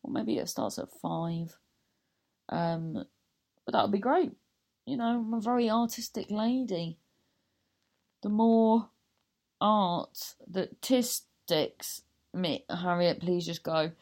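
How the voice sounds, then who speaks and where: Slow, gravelly woman comedian rambling. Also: medium pitch, darkish tone. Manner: rambling, self-mocking, loses her thread. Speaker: comedian and podcast host. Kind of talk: casual podcast sign-off.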